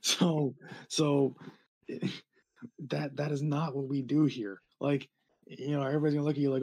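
Rambling, animated podcast co-host. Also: male voice, mid-range voice, moderate pace, slightly rough. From New Jersey. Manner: rambling, animated, lots of fillers and laughter. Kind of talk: casual podcast chat.

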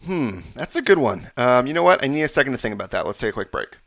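A man's voice: mid-range voice, sing-song, quick pace, dry recording, clean studio sound. A man hosting a sports podcast, confidently breaking down games and stats in casual talk. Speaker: podcast host.

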